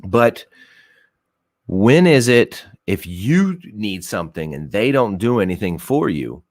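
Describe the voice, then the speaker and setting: Very low-voiced man hosting a livestream. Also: very animated, a little slow, no echo. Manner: loose, rambling, laughs often, swears casually. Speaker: livestream host. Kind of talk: casual livestream chat. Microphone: headset.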